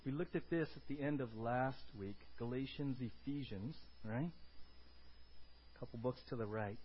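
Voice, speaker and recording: A man preaching a sermon as a pastor, moving from quiet, drawn-out lines to loud, emphatic ones. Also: mid-range voice, highs cut off, a little hiss or hum.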